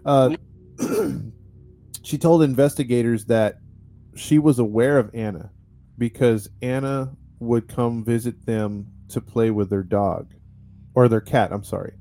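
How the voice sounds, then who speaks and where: A man's voice: medium pitch, measured pace, mellow. A man, a podcast host, telling a true-crime story in a casual, chatty way, with lots of fillers and restarts. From United States.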